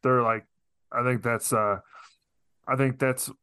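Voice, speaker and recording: A man appearing as a guest on a film podcast, talking casually and thoughtfully about movies, often pausing and restarting his sentences. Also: mid-range voice, steady tone, pushed and bright, clear, resonant tone, no room sound. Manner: thoughtful, hesitant with many restarts.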